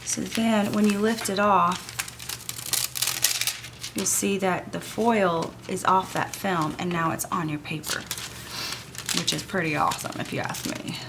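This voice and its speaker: A woman's voice: fairly low pitch, steady tone, a little slow, pauses often, background noise. Chatty woman gushing over crafts. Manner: chatty and gushing, talks while working. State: sniffly. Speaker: art journaling tutor. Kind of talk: casual craft tutorial.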